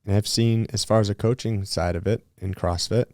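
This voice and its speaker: Guy hosting a podcast, really deep voice, dry close sound, swears a lot and tells stories. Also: brisk, dry recording. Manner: candid, swears freely, animated storytelling. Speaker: podcast host. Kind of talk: casual podcast conversation.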